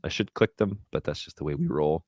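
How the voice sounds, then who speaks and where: A man with a very low voice walks viewers through a casual tutorial, thinking aloud as he goes. His talk is chatty and unpolished. The sound is dry and close, with no room echo. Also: sing-song, fairly quick, darkish tone. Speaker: guest presenter doing a screen-share.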